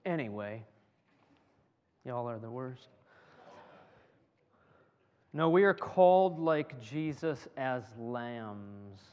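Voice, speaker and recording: A man preaching a sermon to a congregation in a lively, joking way, often repeating his words as he builds a point. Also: mid-range voice, very slow, pauses often, clean tone, highs cut off. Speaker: pastor. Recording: long hall reverb.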